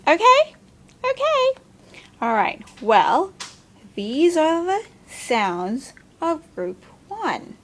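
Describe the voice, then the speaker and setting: A woman's voice: a little high, very animated, drawn-out words. A woman teaching young children phonics in a sing-song way, sounding out letters one at a time and encouraging them. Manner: talks to a puppet helper.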